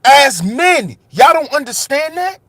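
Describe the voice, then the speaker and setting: A man's voice: very high voice, very animated, a little slow, fairly bright tone, dry recording. A man hosting his own channel, delivering an impassioned monologue with rhetorical questions and repeated phrases, raising his voice with passion. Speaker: commentary channel host.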